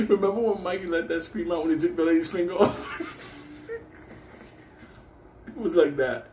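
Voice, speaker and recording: A man tells a wild story in loose, swear-filled talk, breaking into laughter along the way. His voice is dark and mellow. The sound bounces around a roomy space. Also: high-pitched, measured pace, slight background noise. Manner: profane, laughing, animated. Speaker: host. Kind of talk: casual storytelling. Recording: roomy echo.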